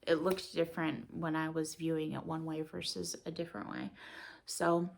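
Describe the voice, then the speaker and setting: Gravelly-voiced woman in her thirties. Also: fairly low pitch. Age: 30s. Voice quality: gravelly, just out of bed. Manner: rambling and reflective, with many fillers. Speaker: vlogger. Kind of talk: casual morning vlog chat. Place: her home, in the morning.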